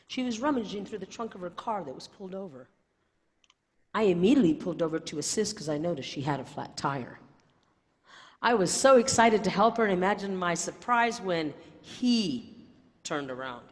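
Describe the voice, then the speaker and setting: Woman from South Texas, lively, playful storyteller delivering a contest speech, with a long hall reverb. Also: fairly low pitch. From South Texas, USA. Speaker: contest speaker. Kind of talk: competition speech. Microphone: video call.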